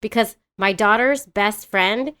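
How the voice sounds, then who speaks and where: A woman's voice: slow pace, smooth. A woman in her thirties co-hosting a podcast, chatting casually and acting out quotes in a raised voice. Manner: animated storyteller, acts out quotes in a high voice. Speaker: podcast co-host. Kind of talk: casual chat.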